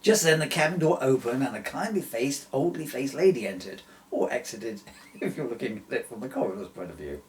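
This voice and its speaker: A man's voice: medium pitch, very animated, a little fast, slight background noise. A man reading aloud from his own comic book, chuckling at his jokes and asides.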